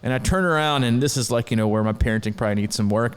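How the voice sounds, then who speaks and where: A middle-aged man chats on a podcast in an easygoing, rambling way, laughing often and tripping over his words as he tells a story. His voice sits at an ordinary pitch for a man. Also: very fast, hardly any pauses, clear, resonant tone. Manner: rambling, animated, laughs often, many restarts. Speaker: podcast co-host. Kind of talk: casual chat, storytelling.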